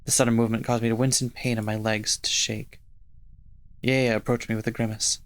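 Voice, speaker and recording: A man hosting a let's play, reading visual novel narration aloud in a steady first-person voice. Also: medium pitch, fairly quick.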